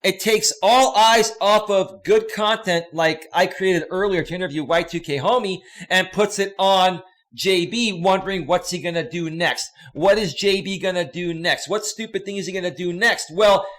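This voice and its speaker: Male streamer, high-pitched, angry profane rant to viewers. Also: moderate pace, fairly bright tone. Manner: profane, heated, repetitive ranting. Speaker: livestream host and coach.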